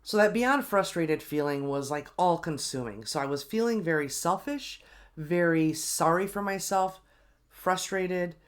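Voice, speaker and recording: A middle-aged woman hosting her own show, telling a story in a casual, animated and exasperated way, with many ums and restarts. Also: lowish voice, measured pace. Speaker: host.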